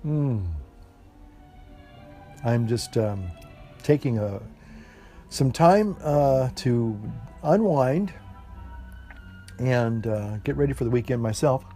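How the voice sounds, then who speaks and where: A man's voice: medium pitch, lively intonation, slow, long pauses, mellow. A man chatting casually to camera outdoors in the evening, smoking a pipe and rambling with many fillers and restarts. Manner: folksy, says "y'all". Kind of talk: relaxed casual chat to camera. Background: classical music playing faintly.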